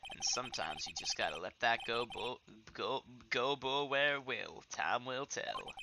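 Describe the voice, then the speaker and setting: A man's voice: mid-range voice, lively intonation, normal speed, vocal fry, noisy background. A man voicing a laid-back, folksy cowboy lawman who drawls and drops in Spanish words. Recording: game music playing behind.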